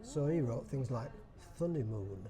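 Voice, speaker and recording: A man from Bradford with a Yorkshire accent, chatting casually as a dialect society chairman, pausing often to search for words. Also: mid-range voice, music in the background. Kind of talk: casual chat. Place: restaurant in a casino. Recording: busy room with crowd noise. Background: crowd chatter.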